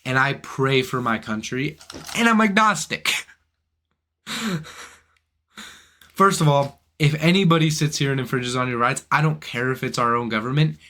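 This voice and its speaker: Young man, angry monologue, swearing, rhetorical questions, mid-pitched voice. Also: pushed and bright. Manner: indignant, profane, rhetorical questions. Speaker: philosophy channel host. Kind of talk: ranting monologue to camera.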